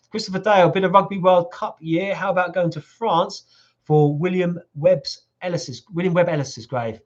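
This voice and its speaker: A middle-aged man hosts a casual live stream, joking and teasing as he answers viewers. His voice sits fairly high for a man and is wearing a little hoarse. The sound is dull and lo-fi. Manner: jokey, teasing, chatty. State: voice going hoarse. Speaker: livestream host reading viewer comments. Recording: lo-fi livestream audio.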